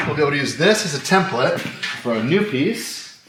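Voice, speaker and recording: A man in his thirties hosting a casual project vlog, chatty and excitable as he thinks out loud while working on a boat. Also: on the high side, normal speed, music in the background. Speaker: DIY boat restorer and channel host.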